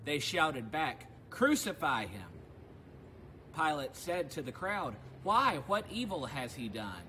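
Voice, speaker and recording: This male pastor's voice is a little high and unhurried, captured in a rough recording with slight background noise. He leads a devotional service, relaxed and conversational as he chats informally in the opening, then turning solemn and louder for the scripture readings and prayers.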